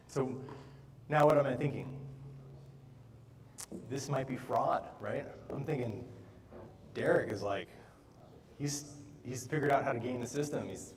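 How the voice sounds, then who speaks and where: A man's voice: medium pitch, recorded from a distance, a little hiss or hum. A man giving a motivational stage talk, telling stories with lots of checks like "right?". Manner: animated storyteller, frequent "right?". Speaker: motivational speaker. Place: large hall on stage. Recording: echoey hall, from afar.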